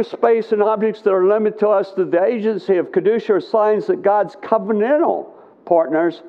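A middle-aged man leads a live conference Bible teaching in an unhurried, conversational way, often pausing to ask his listeners "okay?". His voice sits a little high for a man. The sound is thin and tinny, like a phone line.

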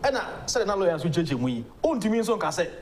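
A man's voice: high-pitched, sing-song, fast, slight background noise. A man with a Ghanaian accent, a lawyer arguing his points emphatically as a guest on a political talk show. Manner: emphatic, argumentative. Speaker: legal practitioner guest.

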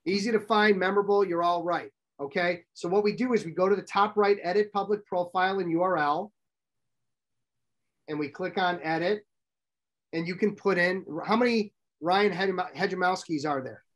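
Speaking to a live workshop audience, a middle-aged man uses a high-pitched, slightly bright voice. He moves briskly and plainly, and he often quizzes the room.

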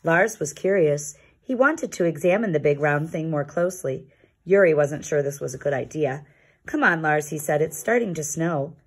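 A woman reading a children's picture book aloud in a calm, expressive storytelling manner. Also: deep voice, breathy edge. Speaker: storybook reader.

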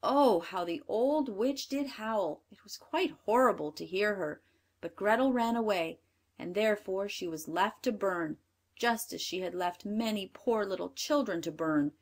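A woman narrating a storybook in a clear, measured reading voice. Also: medium pitch.

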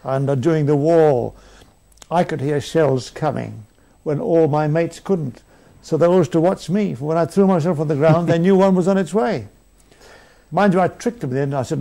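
A man's voice: fairly high pitch, normal speed, creaky, dark tone. An older man telling rambling, self-mocking anecdotes as an interview guest. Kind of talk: conversational interview. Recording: archive broadcast.

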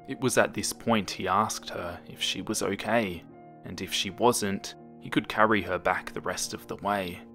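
Telling a creepypasta horror story, a man speaks slowly and in a hushed way, his low voice dropping to a whisper at tense moments. Faint music plays underneath.

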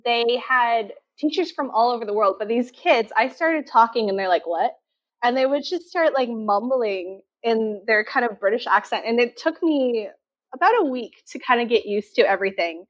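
A woman's voice: a little high, dry recording. A woman from Canada telling her teaching story as an interview guest, candid and full of fillers. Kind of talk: casual interview. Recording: dull lo-fi sound.

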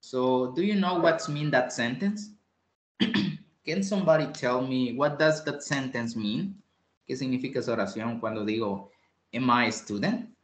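A male English teacher who is a Spanish speaker, giving an online lesson. He repeats phrases patiently, switches between English and Spanish, and often clears his throat. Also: medium pitch, moderate pace. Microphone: online class call. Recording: roomy echo.

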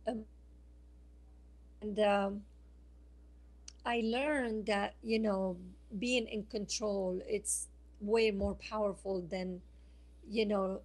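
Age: adult. Sex: woman. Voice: slow, gravelly, husky. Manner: halting storyteller, many pauses. Role: guest author. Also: medium pitch. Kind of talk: telling a personal story on a radio call-in. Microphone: phone line.

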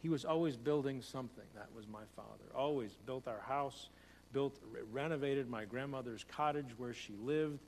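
A pastor with a medium-pitched voice preaches a conversational sermon at a moderate pace, repeating phrases and speeding up as he tells stories. Recorded in a church sanctuary, the audio carries long hall reverb and a faint hum.

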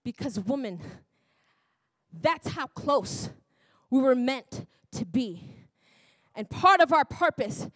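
A woman's voice: high voice, sing-song, slow pace, pauses often, fairly bright tone, no room sound. A woman preacher delivering a sermon in a church, often laughing, breaking off and exclaiming to herself. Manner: laughing, self-interrupting, exclamatory.

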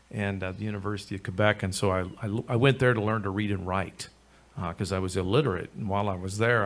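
A man with a somewhat low voice and a Midwestern American accent talks to a live audience between songs. He rambles in a folksy way, circling back with restarts and fillers. His voice is picked up through a stage microphone. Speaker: fiddler and bandleader.

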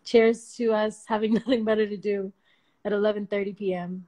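A woman's voice: medium pitch, steady tone, brisk, warm tone. A young woman in her twenties chats on a late-night livestream, speaking into her phone. She sounds slangy and playful and laughs easily as she riffs with her viewers. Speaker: livestream host. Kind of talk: casual livestream chat. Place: home at night.

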